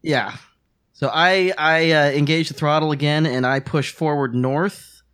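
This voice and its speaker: A man playing a tabletop game, speaking haltingly and stumbling over his words. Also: fairly high pitch, steady tone, fairly bright tone, smooth. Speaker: player.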